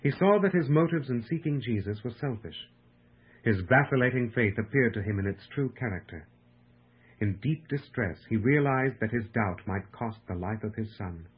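A man giving a slow, solemn, reverent audiobook reading of a devotional text. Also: medium pitch, expressive, husky. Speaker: narrator. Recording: tinny phone-like lo-fi sound.

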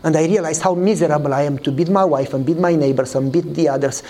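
A man preaching a sermon, telling a story and acting out the dialogue with lively voices. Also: fast talker. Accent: Eastern European. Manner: animated storytelling, acts out dialogue in a higher voice.

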